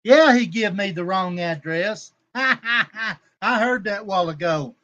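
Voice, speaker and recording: A man hosts a casual livestream, his voice sitting high for a man. He rambles, turns combative and coarse, and breaks off to greet viewers in his chat by name. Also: measured pace, sharp tone, lo-fi sound. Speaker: livestream host.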